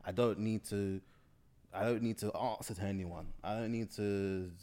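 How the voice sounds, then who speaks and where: A man's voice: fairly low pitch, fairly even intonation, normal speed, dark tone. A young man from South London with a London accent, chatting casually as an interview guest, rambling and slangy with lots of restarts. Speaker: guest filmmaker.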